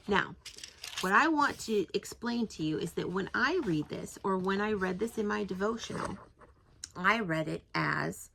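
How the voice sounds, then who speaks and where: A woman's voice: mid-range voice, expressive, moderate pace, creaky, fairly bright tone. A woman hosting a devotional podcast, reading scripture aloud and then reflecting casually, thinking aloud with frequent restarts and self-corrections.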